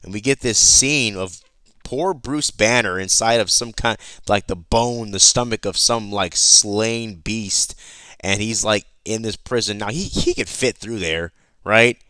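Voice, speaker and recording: Low-voiced man recapping comics casually. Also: measured pace, pushed and bright, clear, resonant tone, dry recording. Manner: loose and chatty, swears, restarts sentences. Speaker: comic book YouTuber.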